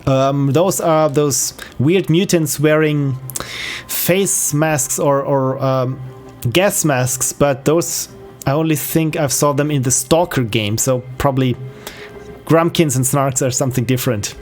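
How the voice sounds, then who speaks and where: A man commenting casually on a live game stream, thinking aloud and musing over what he sees. His talk is relaxed and unscripted, dotted with fillers and restarts. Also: fairly high pitch, unhurried, soft background music.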